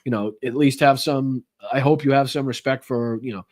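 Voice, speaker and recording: Guy hosting his podcast live from home, loose and chatty, mid-pitched voice, swears a lot. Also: steady tone, moderate pace, darkish tone. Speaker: political podcast host. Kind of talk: casual live-stream chat.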